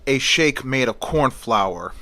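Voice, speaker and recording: A man voicing an attentive, formal waiter who speaks politely in a softer voice. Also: mid-range voice, expressive, slow.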